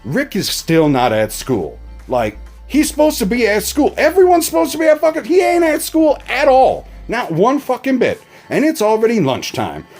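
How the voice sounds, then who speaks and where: A man's voice: extremely high pitch, big pitch swings, normal speed, few pauses, darkish tone, soft background music. A man recapping a TV episode in a casual, profane, exasperated way. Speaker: TV reaction reviewer.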